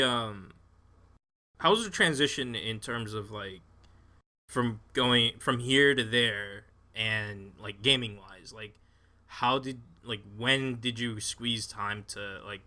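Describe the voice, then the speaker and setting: A man's voice: medium pitch, takes it slowly, pushed and bright. A man hosting a casual podcast, laughing often and asking loose, meandering questions. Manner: laid-back, laughs often, short backchannel replies. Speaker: podcast host.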